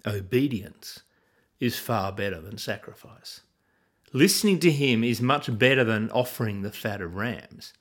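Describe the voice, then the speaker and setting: A man's voice: fairly low pitch, animated, a little slow, fairly bright tone. A man reading the part of a stern older prophet who rebukes a king, in a Bible reading. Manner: stern, reproving.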